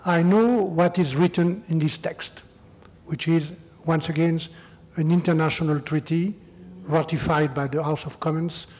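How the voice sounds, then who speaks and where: An older French-accented man answers questions at a lecture in slightly high, careful English. He often repeats words as he searches for phrasing, then drives points home with a questioning "huh?". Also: a little mellow, a little hiss or hum. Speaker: EU chief negotiator giving a lecture. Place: large lecture hall.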